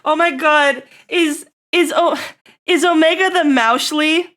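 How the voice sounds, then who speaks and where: A woman streamer in casual live-stream chat, rambling and breaking into loud laughter, her throat getting tickly. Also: high voice, slow pace.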